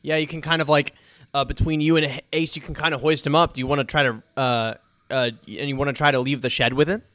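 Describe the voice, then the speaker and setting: A man's voice: fairly high pitch, fairly even intonation, fast, fairly bright tone, dry recording. A man narrating as game master, hesitant and filling with "like" and "um". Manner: hesitant, full of "like" and "um".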